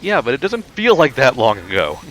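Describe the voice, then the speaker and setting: A man's voice: mid-range voice, huge pitch swings, a little fast, fairly bright tone, slight background noise. A young man co-hosting a gameplay video, dropping dry, sarcastic one-liners in casual chat. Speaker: gameplay co-host. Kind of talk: casual let's-play chat. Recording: faint music behind.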